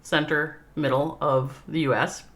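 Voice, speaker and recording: A low, steady voice at a measured pace belongs to a Minnesota-accented woman casting esports live. She chats with her viewers between plays and laughs frequently.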